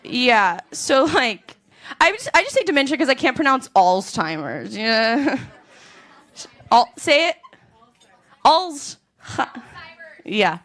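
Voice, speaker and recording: A woman doing a stand-up comedy set on a club stage, with deadpan, drawn-out punchlines. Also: a little high.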